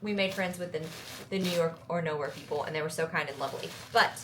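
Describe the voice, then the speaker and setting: A woman's voice: deep voice, quick pace, background noise. Chatty woman with a Southern accent. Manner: chatty, upbeat, self-joking. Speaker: travel vlogger. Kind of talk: casual vlog chat.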